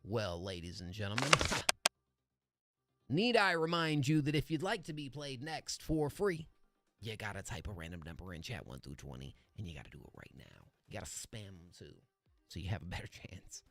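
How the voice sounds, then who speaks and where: A man's voice: fairly low pitch, big pitch swings, normal speed, fairly bright tone, dry recording. A man hosting a live music review stream, chatting casually and enthusiastically with lots of slang, fillers and restarts. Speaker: livestream music review host.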